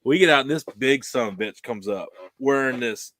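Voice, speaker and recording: A man's voice: mid-range voice, lively intonation, a little fast, fairly bright tone, dry recording. A man, co-hosting a podcast, telling a story in casual chat and acting out the voices he quotes. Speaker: podcast co-host.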